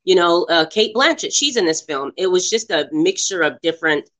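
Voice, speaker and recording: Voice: mid-range voice, animated, moderate pace, a bit bright. A podcast co-host chatting about a film, rambling with lots of fillers and upbeat enthusiasm. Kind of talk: casual film discussion.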